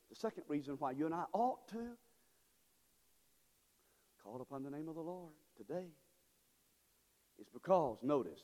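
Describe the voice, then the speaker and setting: A male pastor preaching a sermon with call-and-response, swinging between shouts and low murmurs. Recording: long reverb of a large hall.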